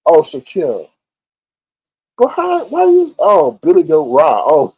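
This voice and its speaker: Sassy male livestream host, mellow voice. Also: a little high, wildly swooping pitch, unhurried, slightly rough, dry recording, low-quality recording. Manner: sassy, chatty, talks straight to chat. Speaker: livestream host reading chat. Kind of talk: casual live-stream commentary.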